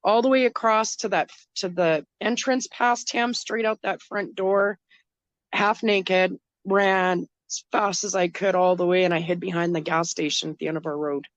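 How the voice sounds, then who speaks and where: A middle-aged woman recounting a frightening personal story as an interview guest, halting and emotional, often restarting her sentences. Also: fairly low pitch, steady tone, no room sound.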